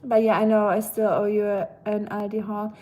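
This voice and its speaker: Speaking at a normal speed in a flat, warm mid-range voice, this young German livestream host sounds worn out. She reads viewer comments and rambles casually, dropping plenty of fillers.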